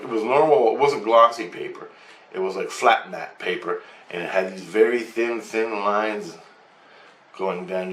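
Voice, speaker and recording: A man's voice: on the low side, fairly bright tone. Rambling man telling a story, roomy sound. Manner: rambling, repeats himself, swears. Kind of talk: casual storytelling to camera. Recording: roomy, distant from the mic.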